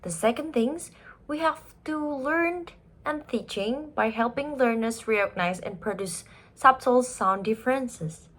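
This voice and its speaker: A woman giving a class presentation, emphatic and expressive, dwelling on each example word. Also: fairly high pitch, a little slow. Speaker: student presenter.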